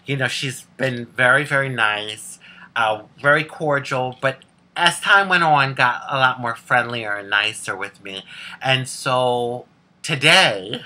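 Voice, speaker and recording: Sassy american lady telling stories to camera, super animated voice, cracks herself up. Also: very deep voice. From United States. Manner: sassy, candid, laughs often. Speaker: vlogger. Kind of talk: casual storytelling to camera.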